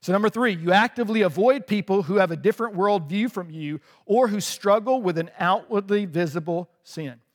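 Male pastor, casual sermon delivery, fairly high voice, long hall reverb. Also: a little fast, few pauses. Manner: conversational, often checks in with "right?" and laughs lightly.

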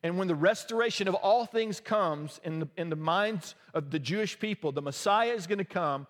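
A man preaching a sermon in a casual, joking, conversational way, with quick asides to the congregation. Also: sits high, in a large hall. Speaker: pastor.

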